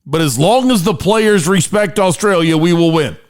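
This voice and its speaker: Excitable high-voiced podcast host. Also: male voice. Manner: hammy, jokey, mock-solemn, fast and excitable. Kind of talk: energetic sports podcast monologue.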